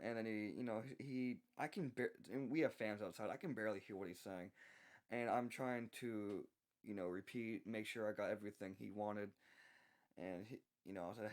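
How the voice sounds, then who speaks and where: Young Southern man, lowish voice, soft-spoken storyteller, halting restarts. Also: fairly even intonation. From American South. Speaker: voice actor telling a work story. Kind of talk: unscripted storytelling.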